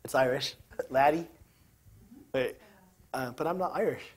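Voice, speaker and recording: A man's voice: medium pitch, measured pace. A man leading a group Bible lesson, reading scripture aloud with casual, joking asides. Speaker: Bible teacher.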